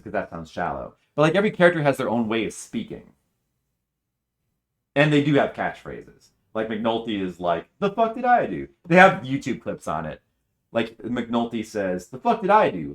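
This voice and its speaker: Rambling, excitable male game streamer. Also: on the low side. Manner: rambling, enthusiastic, many fillers and restarts. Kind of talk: casual commentary while playing.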